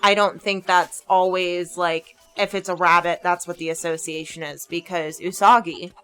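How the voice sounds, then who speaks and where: A woman's voice: lowish voice, steady tone, normal speed, a bit bright, smooth. A woman co-hosting a casual let's play, thoughtful and explanatory as she chats. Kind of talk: casual gameplay chat.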